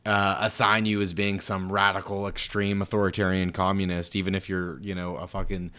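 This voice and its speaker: A man's voice: low-pitched, level tone, brisk, pushed and bright, smooth. A man giving casual reaction commentary on a political clip, blunt, sarcastic and profane.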